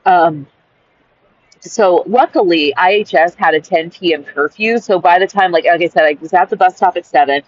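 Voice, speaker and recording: A woman with a lowish voice reads from her old journal at a moderate pace before launching into the story behind it. As a vlogger she's frank and fed up, swearing freely, rambling, restarting, and leaning on "like." The lo-fi recording is slightly dull, with a little hiss or hum.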